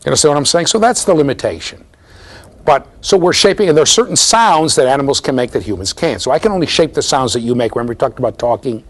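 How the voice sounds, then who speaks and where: A middle-aged man giving a university lecture, animated and storytelling, often checking in with the class. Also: medium pitch, fast talker. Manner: animated storytelling, mimics voices, asks the class "right?". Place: lecture hall.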